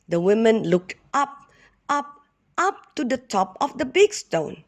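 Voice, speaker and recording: A woman teacher reading a Bible story aloud to kindergarten children, expressive and asking them questions. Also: on the high side, unhurried. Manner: expressive, addresses the children directly.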